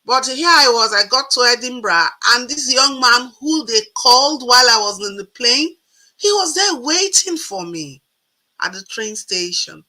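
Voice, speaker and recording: A woman in her forties telling a personal story in a casual, animated way, acting out the people she quotes. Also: fairly high pitch, unhurried, rough recording. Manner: animated, acts out quoted voices.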